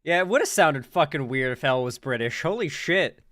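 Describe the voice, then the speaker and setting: A man's voice: on the high side, animated, moderate pace, fairly bright tone, no echo, clean studio sound. A man doing casual live-stream commentary, rambling with lots of "like" and swearing freely.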